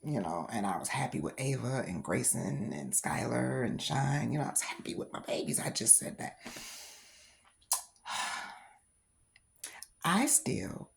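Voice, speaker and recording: Very deep and slow, with vocal fry and frequent pauses, this woman's voice carries an animated personal tale on her casual reborn doll vlog. She is middle-aged, has grandchildren, and laughs a lot.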